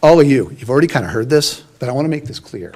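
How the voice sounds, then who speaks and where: A man's voice: mid-range voice, animated, fast, a little mellow. A man giving an emotional, folksy and encouraging commencement speech in a large hall. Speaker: commencement speaker.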